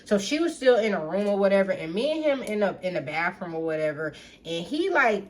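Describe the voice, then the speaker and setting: A woman tells a personal story to her viewers in a loose, chatty storytime. She is blunt and freely profane, keeps calling out to them as y'all, and slips into quick impressions of what others said. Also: medium pitch. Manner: animated, reenacts others in quick asides. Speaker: storytime vlogger.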